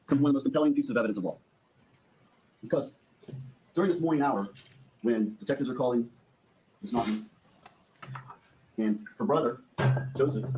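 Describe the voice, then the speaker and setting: In a courtroom, a man with a mid-range voice gives a prosecutor's opening statement, walking the jury through the evidence and briskly acting out quoted dialogue. Background noise can be heard.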